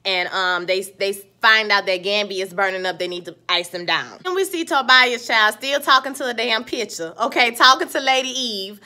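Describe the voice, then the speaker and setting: A woman's voice: mid-range voice, normal speed, hardly any pauses, pushed and bright. A woman giving a sassy, slangy, casual recap of a TV episode, talking straight to her viewers.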